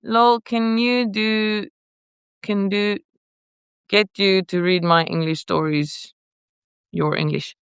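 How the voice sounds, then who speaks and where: Chatty woman vlogger, playful and rambling, smooth clear voice, dry close sound. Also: medium pitch, fairly even intonation, slow, pauses often, no room sound. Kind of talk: casual chat, reading viewer comments.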